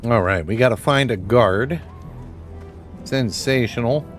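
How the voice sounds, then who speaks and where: A man's voice: medium pitch, measured pace, soft background music. A young man streaming a game live, chatting off the cuff with lots of swearing and jokes. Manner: profane, joking, off-the-cuff. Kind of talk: casual gaming live stream commentary.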